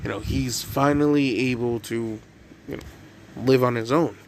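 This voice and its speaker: A man's voice: mid-range voice, fairly even intonation, moderate pace, darkish tone, slight background noise. A man improvising a fan story narration, rambling with many fillers.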